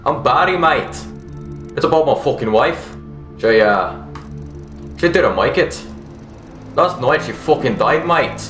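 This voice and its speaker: Man doing a heartbroken, swearing Aussie widower for a game dub, higher and louder than his own voice. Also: lively intonation, a little slow, pauses often, reverberant, soft background music. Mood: grieving. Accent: put-on Australian. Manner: swearing, despairing, calls everyone mate. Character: grieving foul-mouthed widower man, Australian.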